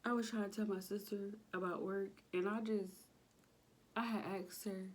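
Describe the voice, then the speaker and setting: A woman's voice: medium pitch, steady tone, moderate pace. A pregnant young woman chatting casually to her viewers at home, out of breath and sighing between phrases. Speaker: vlogger. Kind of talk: casual chat. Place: home kitchen.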